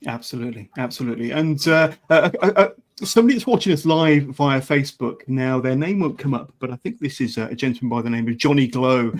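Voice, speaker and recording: A man hosting a podcast interview, relaxed and hesitant, with many filler sounds. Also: mid-range voice, fast talker, hardly any pauses. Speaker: podcast host. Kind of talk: casual interview.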